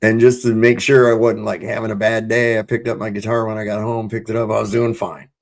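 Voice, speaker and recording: Man, middle-aged, low voice, gravelly, profane casual storyteller, stream host. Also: level tone, brisk. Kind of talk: casual chat.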